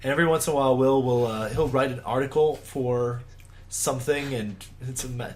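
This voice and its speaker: A man's voice: mid-range voice, fairly quick. A man co-hosting a podcast in casual chat, rambling and laughing often. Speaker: podcast co-host.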